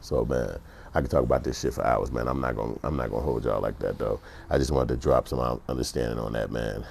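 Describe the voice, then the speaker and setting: A man with a very deep, gravelly voice tells stories and gives his opinions in a blunt, profane way. He is middle-aged and talks casually to his viewers. There is faint noise in the background. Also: fast talker, darkish tone. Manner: profane, blunt, acts out other people's voices. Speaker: vlogger. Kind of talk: casual storytelling commentary.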